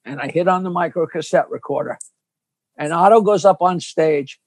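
An older male comedian tells swearing-heavy stories with lots of energy. His voice is quite high, and the sound is dry and close. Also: normal speed, no echo. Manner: animated, profane, dramatic storyteller. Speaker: guest comedian. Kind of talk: casual storytelling chat.

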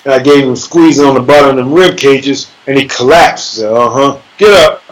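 A man's voice: medium pitch, fairly even intonation, fairly quick, low-quality recording. A man telling a sparring story in a casual chat, cursing freely, bragging and laughing as he acts out the punches with sound words. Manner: profane, boastful, laughs as he talks.

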